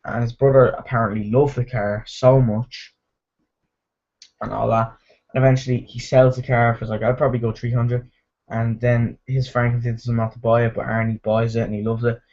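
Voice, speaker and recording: A man's voice: medium pitch, fairly even intonation, moderate pace, darkish tone. Guy rambling thru a movie review, lots of likes and ums, kinda muffled lo-fi audio. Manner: rambling, filler-heavy, with restarts and mimicked quotes. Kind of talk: casual spoken movie review.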